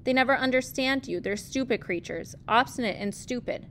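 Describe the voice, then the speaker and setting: A woman reading aloud, voicing a weary, stern farm mother in a low, subdued voice. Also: normal speed, fairly bright tone, slight background noise, lightly acted.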